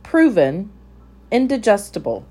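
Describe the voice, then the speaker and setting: A woman's voice: medium pitch, big pitch swings, unhurried, mellow, slight background noise. A woman voicing a greedy, fussy old male rat who speaks in formal, long-winded phrases. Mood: pompous.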